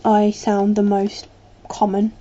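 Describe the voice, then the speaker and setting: A woman's voice: mid-range voice, completely flat delivery, slow pace, dark tone, highs cut off. A woman with a British English accent chatting casually to camera as a vlogger, rambling a little with plenty of ums.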